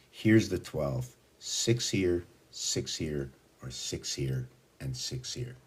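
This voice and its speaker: Very deep, husky man rambling slowly. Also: a little mellow. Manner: meandering, restarts and counts out sequences. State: out of breath at times. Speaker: vlogger explaining a number pattern. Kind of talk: rambling explanation to camera.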